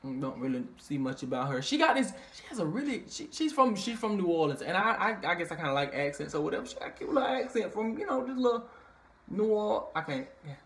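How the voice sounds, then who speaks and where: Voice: fast talker, few pauses. A speaker reviewing a reality show episode in a casual, heavily profane way, leaning on "you know what I mean" and now and then jumping up into squealing impressions of the cast. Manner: animated, swears constantly, fillers like "you know what I mean"; jumps into high squealing impressions of others. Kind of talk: casual profane recap vlog.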